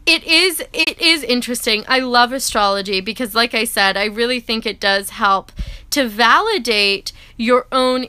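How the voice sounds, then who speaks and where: A chatty woman talks straight to camera in a loose, rambling vlog, often tagging her points with "right?". Her voice sits a little high and sounds bright and smooth. It is recorded close in a dry, quiet room. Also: no room sound. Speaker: astrology vlogger. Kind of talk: casual chat to camera.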